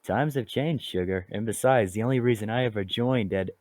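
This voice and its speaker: A man's voice: fairly low pitch, a little fast, a little mellow, no echo, natural voice. A man voicing a sly, flirtatious female bat jewel thief in an amateur fan dub, with a teasing, confident manner. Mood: smug.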